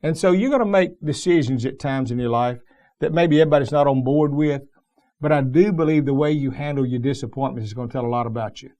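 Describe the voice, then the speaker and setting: A man's voice: medium pitch, fast, warm tone. A middle-aged male pastor preaching a sermon in a folksy, plain-spoken storytelling way, with emphatic asides.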